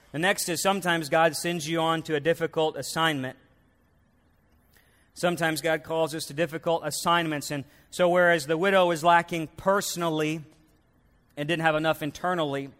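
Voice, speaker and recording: A man's voice: fairly high pitch, fairly bright tone, big-room sound. A man preaching a sermon as a pastor, telling stories and acting out the voices in them.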